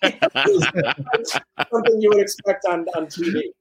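Chatty man telling anecdotes, slightly high. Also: slow, poor audio. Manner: animated anecdotes with many restarts and filler. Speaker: author and guest. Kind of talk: casual storytelling interview.

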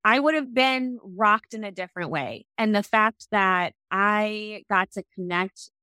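A woman's voice: mid-range voice, unhurried, clear, resonant tone, no room sound. A woman in her late thirties telling a personal story in an earnest, reflective conversational way. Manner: earnest, reflective, lively when quoting others.

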